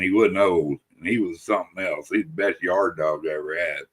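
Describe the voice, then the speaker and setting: Profane rambling storyteller man, low voice. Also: normal speed, fairly bright tone. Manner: rambling, profane, laughs through his stories. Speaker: podcast host. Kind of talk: casual storytelling chat.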